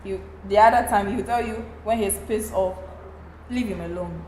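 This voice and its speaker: Woman panelist, mid pitch, candid, roomy room sound. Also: normal speed, darkish tone, a little hiss or hum. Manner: candid, storytelling from experience. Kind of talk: talk show discussion.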